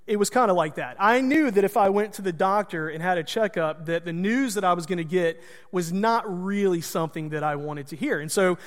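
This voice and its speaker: A man's voice: sits high, fairly quick, long reverb tail. A man preaching as a pastor, telling a personal story in a conversational, self-deprecating way. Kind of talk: storytelling sermon.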